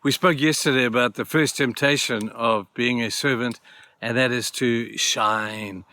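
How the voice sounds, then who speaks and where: This man delivers a short, earnest devotional at a slightly slow pace, his medium-pitched voice steady yet sharp. He puts scripture stories into plain everyday language, repeating key phrases to stress them.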